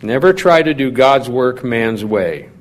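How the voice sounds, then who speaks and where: A man preaching a sermon in a measured, teaching manner, putting questions to his listeners. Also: mid-range voice, expressive. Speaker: pastor.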